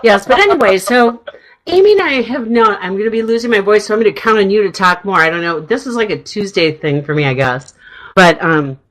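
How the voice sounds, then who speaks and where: A middle-aged woman hosting a radio talk show, chatting in a rambling way with a slightly hoarse throat. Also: mid-range voice, animated, a little fast, a bit bright, rough recording. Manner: chatty, rambling, laughs often. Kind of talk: casual chat.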